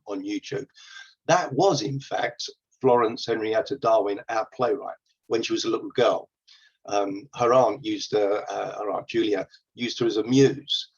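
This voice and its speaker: A man's voice: on the low side, breathy edge. A man giving a casual, hesitant talk about old plays, full of ums and restarts, as presenter for a theatre company. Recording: dull lo-fi recording.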